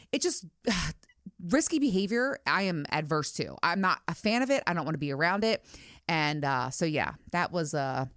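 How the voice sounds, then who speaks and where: A woman's voice: fairly low pitch, fairly bright tone, no room sound, clean studio sound. A middle-aged woman hosting a podcast, telling a candid story in a chatty, profane way and acting out the quotes. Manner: chatty, candid, swears freely, acts out quotes. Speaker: podcast host. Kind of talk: casual storytelling monologue.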